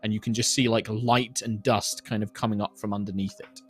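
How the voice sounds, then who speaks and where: A man's voice: lowish voice, flat delivery, a little fast, breathy edge, faint music behind. A British man narrating as game master, improvising loosely with many fillers.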